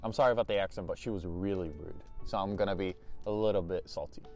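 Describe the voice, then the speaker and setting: A man's voice: low-pitched, fast, soft background music. A teenage boy telling a story to his channel in a chatty, exasperated way. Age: teens. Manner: animated, chatty, exasperated asides. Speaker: youtuber. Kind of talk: casual storytime vlog.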